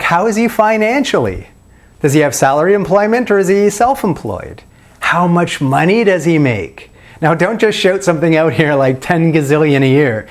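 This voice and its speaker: A man giving self-help dating advice in a video, walking the listener through a long run of guiding questions. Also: high-pitched. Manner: asks the listener question after question in a coaching tone. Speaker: dating coach.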